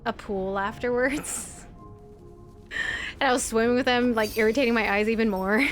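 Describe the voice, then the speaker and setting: Soft music accompanies a young adult woman's fairly high voice, which keeps fairly even intonation at a normal speed. She streams video games, chatting casually in let's-play style, giggling often and filling gaps with "like."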